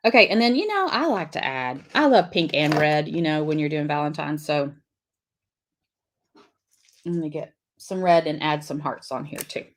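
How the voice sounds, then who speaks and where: A woman's voice: sits low, lively intonation, normal speed, slight background noise. A middle-aged woman, hosting a live lettering class, chatting casually and reading viewer comments while she draws. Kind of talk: live-streamed craft lesson.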